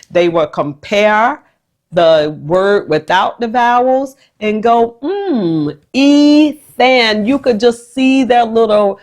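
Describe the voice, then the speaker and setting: A woman who is a special education teacher, explaining a phonics technique to the camera in a patient, measured way. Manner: slow, warm and patient, with lively jumps in pitch when acting out the classroom.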